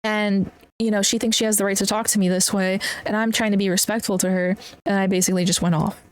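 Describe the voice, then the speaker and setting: Talking fast with a steady, clean, medium-pitched voice, a young podcast host tells a personal story. She's blunt and very profane, clearly upset while recounting it.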